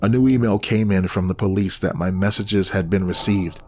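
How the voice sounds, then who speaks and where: A man reading a horror story aloud in scripted first-person narration, tense and steady. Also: low voice, normal speed, hardly any pauses, a little hiss or hum.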